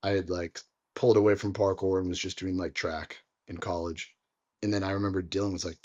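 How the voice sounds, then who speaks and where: A young man guest on a podcast, telling stories in a lively way with lots of filler words. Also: low voice, brisk, dull audio. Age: young adult. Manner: storytelling, animated, many fillers like "like". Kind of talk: casual conversation.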